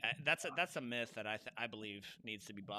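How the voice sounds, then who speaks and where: A man's voice: fairly low pitch, lively intonation, fast, pushed and bright, a little hiss or hum, rough recording. A man hosting a podcast, talking casually and emphatically, joking with his guest and using many fillers. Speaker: podcast host.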